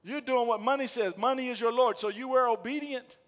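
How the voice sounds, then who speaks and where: A man's voice: extremely high pitch, a little fast, fairly bright tone, long reverb tail. A male pastor preaching a sermon in church, questioning the congregation and rising to emphatic bursts. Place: church sanctuary.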